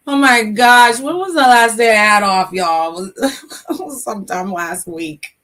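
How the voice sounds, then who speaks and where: A middle-aged woman hosting a casual livestream, chatty and emotional, giving shout-outs to her chat. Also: mid-range voice, slow pace, long pauses. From United States. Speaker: livestream host.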